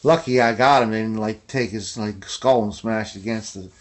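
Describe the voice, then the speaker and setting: A man's voice: lowish voice, normal speed. A man hosting a casual video journal, rambling in a laid-back way and keeping up a running "you know what I mean" as he looks over an old guitar. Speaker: guitar collector and video host.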